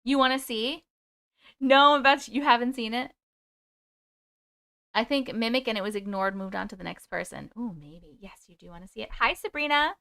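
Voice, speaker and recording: A woman's voice: on the high side, normal speed, creaky, bright, forceful tone. A woman hosting a livestream who reads viewer stories aloud and chats back to comments, now and then singing snatches of songs. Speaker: host reading viewer stories. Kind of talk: casual livestream chat and story reading.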